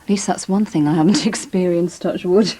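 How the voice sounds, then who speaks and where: A woman's voice: on the low side, steady tone, a little fast, warm tone, breathy edge. A middle-aged woman playing a polite, slightly flustered neighbour in a 1990s TV soap.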